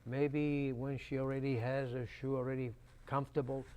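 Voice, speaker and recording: In a local cable TV studio, an older host conducts a casual interview with folksy, chatty humor. His mid-range voice is smooth and a little mellow, with a level tone and moderate pace.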